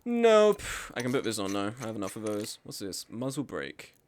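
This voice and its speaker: A man's voice: on the low side, sing-song, normal speed. A man live-streaming a game, chatting casually with his chat in a sweary, self-deprecating way.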